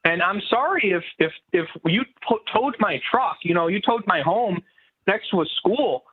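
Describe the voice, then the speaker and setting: A man's voice: high voice, expressive, moderate pace, husky. A man calling into a talk show, rambling and stumbling over his words with constant "you know"s. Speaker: phone-in caller. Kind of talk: call-in talk show chat. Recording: tinny phone line.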